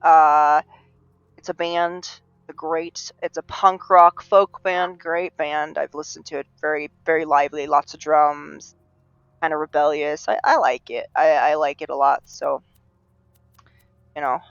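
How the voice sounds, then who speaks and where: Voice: medium pitch, little pitch movement, unhurried, a bit bright, smooth, no room sound, lo-fi sound. Rambling chatty game streamer. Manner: rambling, chatty, many fillers and restarts, laughs at own jokes. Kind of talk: casual live-stream commentary.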